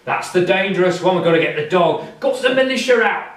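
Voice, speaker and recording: Brief: man voicing a drunk, self-important young lad, pitched up and whining, roomy distant sound. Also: lively intonation, fairly quick. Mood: boastful. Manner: whiny, self-important ranting. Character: drunk boastful young man, mayor's son. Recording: roomy hall from far off.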